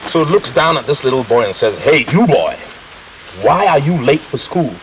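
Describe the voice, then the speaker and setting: A man's voice: medium pitch, very animated, normal speed, a crowd in the background, natural voice, low-quality recording. An actor with a Ghanaian English accent playing a jovial family father who tells jokes and laughs along. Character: jovial family father, playful joke-teller. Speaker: father telling a joke. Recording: loud music behind.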